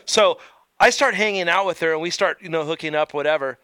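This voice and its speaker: Bright-voiced animated storyteller man. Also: on the high side, a little fast, smooth, dry recording. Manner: animated, acts out quotes in story. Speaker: podcast host. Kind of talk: casual storytelling chat.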